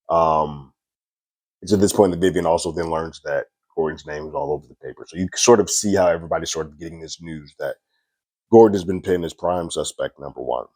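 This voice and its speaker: A man's voice: extremely low pitch, brisk, darkish tone, dry recording. A man reviewing a TV episode in a casual, conversational recap, slipping into the characters' lines as he retells the plot. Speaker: TV series reviewer.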